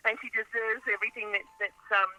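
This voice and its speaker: A woman's voice: a little high, little pitch movement, quick pace, sharp tone, poor audio. A woman from Australia with an Australian accent, a guest singer in a casual radio interview, cheerful and giggly, repeating words as she thinks.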